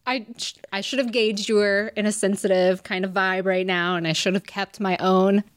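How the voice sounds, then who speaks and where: A woman in a casual podcast chat, her voice sitting at a middle pitch. She answers her co-host in a warm, supportive and playful way. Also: fairly even intonation, moderate pace.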